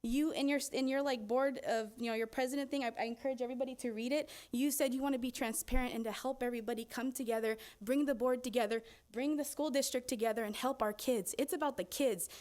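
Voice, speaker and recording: A woman speaking as a parent in public comment at a school board meeting, earnest and pleading, close to tears. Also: high-pitched.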